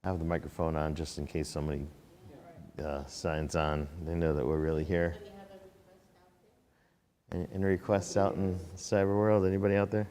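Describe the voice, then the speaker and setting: In a synagogue sanctuary whose long reverb fills the recording, a man leads a livestreamed prayer service. His voice sits low and dark with a steady tone and moderate pace, broken by long pauses. He sings chanted prayers and, between them, chats casually and ramblingly with the online congregation.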